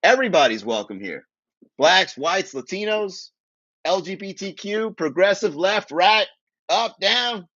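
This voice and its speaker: A man's voice: sits high, expressive, a little slow, a bit bright, dry recording, lo-fi sound. A man from Miami hosting a casual comedy livestream, joking and chatting with viewers, laughing at his own jokes. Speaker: comedy podcast host.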